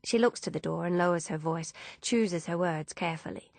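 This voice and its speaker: Female audiobook narrator, measured delivery, gravelly low voice. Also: no room sound. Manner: steady, measured storytelling. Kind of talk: scripted narration.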